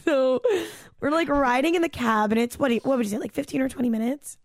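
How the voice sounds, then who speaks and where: A woman's voice: high voice, fast talker, dry recording. Young woman host rambling through a story, lots of "like", dry close sound. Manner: chatty, lots of "like", animated retelling with quoted voices. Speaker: podcast host. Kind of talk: casual chat, storytelling.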